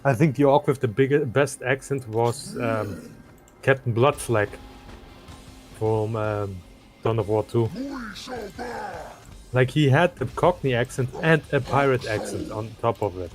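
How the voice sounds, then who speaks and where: A man with a German accent chatting thoughtfully while playing a strategy game, pausing often with "uh". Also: medium pitch, soft background music. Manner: thoughtful, hesitant, many uhs. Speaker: gamer. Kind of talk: casual gaming chat.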